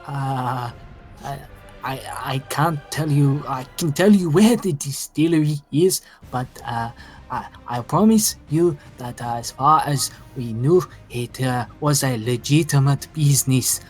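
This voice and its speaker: A man's voice: medium pitch, unhurried, faint music behind, natural voice. A man voicing a nervous, frantic male tavern keeper who stammers and hesitates.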